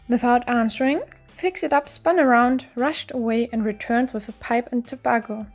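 A woman narrating a fairy tale in a gentle, even storybook reading. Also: a little high, normal speed. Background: faint music.

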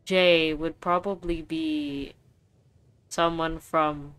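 A young woman streaming a game, reacting excitably with frequent swearing. Her voice is bright and low for a woman, and she talks slowly. Faint game music plays behind her. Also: clear, resonant tone. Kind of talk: casual gameplay commentary.

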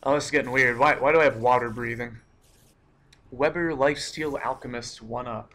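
A young man giving live commentary while playing a game, excitable, cursing often and breaking into startled outbursts. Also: mid-range voice, moderate pace. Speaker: let's play gamer.

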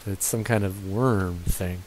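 A man's voice: low voice, steady tone, slow pace, a little mellow, slight background noise, rough recording. A young man casually commentating his gameplay, cursing and joking at the characters on screen. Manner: profane, joking, talks to the game characters. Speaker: let's play gamer. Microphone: gaming headset.

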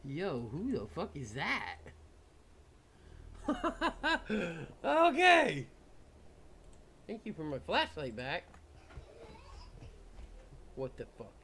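A man narrates his own horror game playthrough with a slow, drawn-out delivery. His voice leaps all over the place as he swears, laughs nervously and yelps at scares. A faint hiss sits under the recording. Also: a little high, huge pitch swings. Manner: jumpy, swearing, nervous laughter, loud startled outbursts. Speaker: gaming YouTuber. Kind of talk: horror game let's play commentary.

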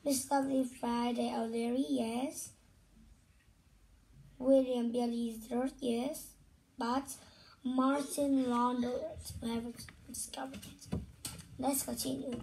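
A woman reading a children's story aloud, slowly and deliberately, often repeating phrases and stopping to comment. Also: fairly high pitch, level tone, creaky, dark tone, distant mic, slight background noise, rough recording.

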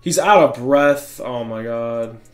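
A young man giving excitable, slangy running commentary over his own video game play as a gaming channel host. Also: mid-range voice, takes it slowly, faint music behind. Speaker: gaming YouTuber. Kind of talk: live gameplay commentary.

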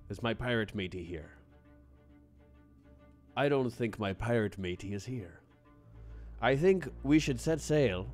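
A man live-streaming a game, excitable and playful, greeting viewers by name and joking in pirate talk. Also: medium pitch.

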